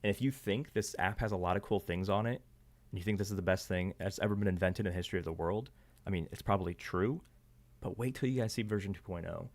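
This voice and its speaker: A man's voice: sits low, quick pace, darkish tone. A man hosting a sports betting live stream in casual chat, loose and promotional with lots of fillers, his voice getting worn. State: losing his voice.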